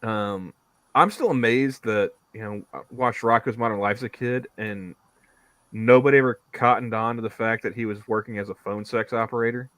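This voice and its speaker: A man's voice: fairly low pitch, normal speed, fairly bright tone, no room sound. A man co-hosting a podcast, rambling casually, repeating his words and laughing often. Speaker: podcast co-host. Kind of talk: casual chat.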